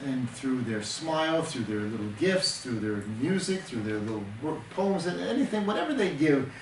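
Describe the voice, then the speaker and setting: A man's voice: medium pitch, very animated, normal speed, noisy background. Man, counselor, earnest teaching talk, repeats words for emphasis, distant mic, roomy echo.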